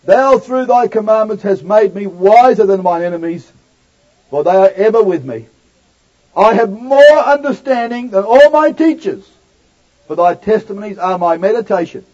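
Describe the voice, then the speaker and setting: Dramatic high-voiced male preacher, lo-fi. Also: expressive, moderate pace. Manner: dramatic, swinging from loud declaiming to near-hushed asides. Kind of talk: sermon. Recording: dull lo-fi recording.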